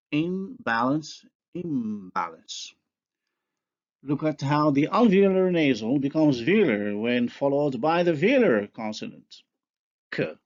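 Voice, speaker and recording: This lecturer is a man whose medium-pitched voice has a darkish tone. He goes through his recorded linguistics talk slowly and deliberately, carefully sounding out each example word, all on a dull lo-fi recording.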